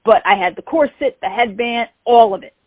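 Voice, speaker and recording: A woman, telling an animated story as an interview guest and acting out the quoted dialogue. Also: a little high, moderate pace, no room sound. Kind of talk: casual storytelling. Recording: tinny phone-like call audio.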